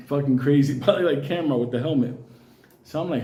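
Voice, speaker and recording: A man's voice: medium pitch, fast talker, dark tone, roomy sound, a little hiss or hum. A Puerto Rican man telling a long personal story in a casual, profane way, often laughing.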